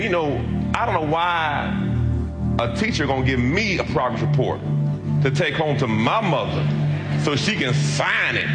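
A man preaching a sermon as pastor, telling a humorous personal testimony and calling out to the congregation. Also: medium pitch. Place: church sanctuary. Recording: echoey hall with loud music.

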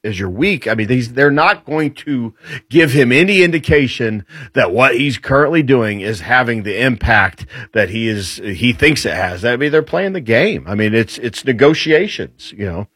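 A man speaking as a guest commentator, with a slightly husky voice that rises and falls a great deal. He builds his points with rhetorical questions in an easy, talkative way. The recording is dry and close. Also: mid-range voice, animated, normal speed, fairly bright tone, no echo. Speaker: guest commentator on military affairs. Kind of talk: casual political talk.

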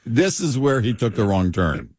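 Lively husky radio co-host man. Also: mid-range voice, unhurried, dry recording, studio quality. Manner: laid-back, wry, short agreeing replies. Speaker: radio talk show co-host. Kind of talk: casual political talk radio chat. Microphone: studio microphone.

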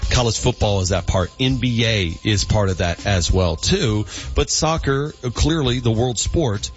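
A man hosting a casual sports talk radio show, rambling and animated with many fillers and restarts. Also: lowish voice, a little slow, faint music behind. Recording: dull lo-fi broadcast audio.

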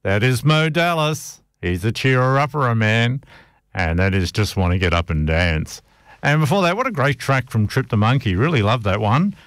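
A man's voice: mid-range voice, lively intonation, moderate pace, a bit bright, dry recording, studio quality. A middle-aged man hosting a music radio show, chatting casually and grumbling jokily between tracks. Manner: chatty, rambling, jokey grumbling.

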